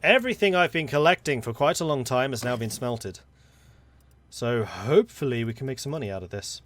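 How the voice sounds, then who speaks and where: A man's voice: mid-range voice, expressive, fairly quick, a bit bright, slight background noise. A man chatting casually and thinking aloud as he plays a video game, poking fun at himself. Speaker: gaming YouTuber. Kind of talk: casual gameplay commentary.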